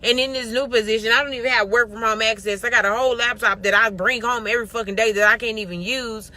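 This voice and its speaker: A woman's voice: fairly high pitch, fairly even intonation, quick pace, sharp tone. A young woman venting candidly to camera, telling a story with plenty of swearing. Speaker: vlogger.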